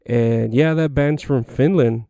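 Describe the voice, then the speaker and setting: A man's voice: mid-range voice, unhurried, dark tone, dry recording, studio quality. A young man hosting a podcast on his own, telling stories in a loose, profane way with lots of fillers. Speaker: podcast host. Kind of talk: casual solo podcast monologue.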